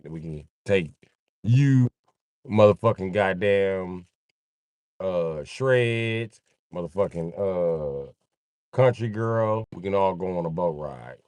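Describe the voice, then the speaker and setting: Animated, profane man on a livestream. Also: low voice, takes it slowly, dry recording. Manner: profane, joking, laughs often. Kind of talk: casual livestream rambling.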